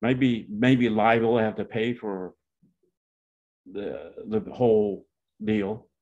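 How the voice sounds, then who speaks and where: In a dull lo-fi recording, a Pawnee, Oklahoma man in his 70s slowly tells a folksy, roundabout story about his family, stopping to correct himself. His voice sits on the low side with fairly even intonation.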